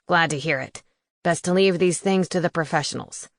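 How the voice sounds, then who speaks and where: A woman's voice: on the low side, moderate pace, no echo, natural voice. Lady reading a curt smug sheriff guy, kinda condescending. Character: brusque small-town male sheriff, smug.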